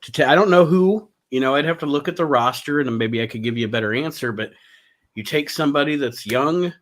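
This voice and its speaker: A man's voice: a little high, a little fast, a bit bright. A man co-hosting a casual wrestling recap, chatty and agreeable, telling stories from home. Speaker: podcast co-host.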